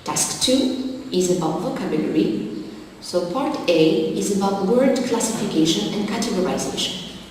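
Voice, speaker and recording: A woman teaching an English exam-prep lesson, going through word lists slowly and methodically. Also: mid-range voice, expressive, darkish tone, slight background noise. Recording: echoey hall, distant mic.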